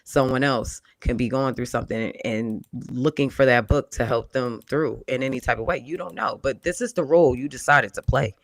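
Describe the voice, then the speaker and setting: A man's voice: medium pitch, normal speed, hardly any pauses, dry recording, clean studio sound. A man co-hosting a casual panel talk, giving blunt advice in a lecturing, conversational way. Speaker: podcast co-host.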